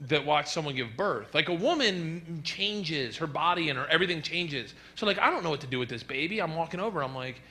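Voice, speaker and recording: A man performing a stand-up comedy set on stage, telling stories loudly and animatedly, with shouted bits. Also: on the high side, animated, fairly quick, hardly any pauses. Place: comedy stage before a live audience. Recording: live club recording with audible audience.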